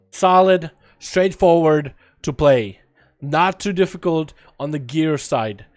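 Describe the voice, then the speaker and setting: A man's voice: on the high side, darkish tone. A man livestreaming a game, chatting loosely with viewers, swearing now and then and hyping up the crowd. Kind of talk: casual gaming livestream chat.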